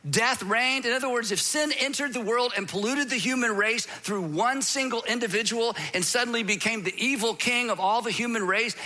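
A man preaching a sermon, animated, acting out the voices of his listeners and of the apostle as he retells the text. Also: sits high. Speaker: pastor.

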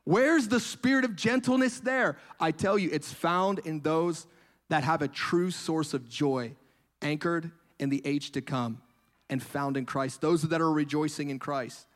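Man, preacher, sermon, high voice, earnest, repetitive emphatic phrasing. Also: a little slow.

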